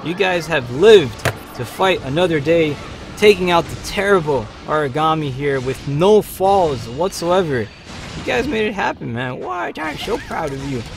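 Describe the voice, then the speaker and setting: A man's voice: on the high side, big pitch swings, moderate pace, gravelly. Hyped gaming livestream host, man. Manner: hyped, chatty, slangy, cheers teammates. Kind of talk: live gameplay commentary. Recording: faint game music behind.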